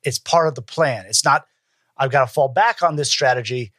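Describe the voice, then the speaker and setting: A man hosting an interview podcast, enthusiastic and quick-witted in casual chat. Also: medium pitch, a bit bright, no echo. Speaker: podcast host.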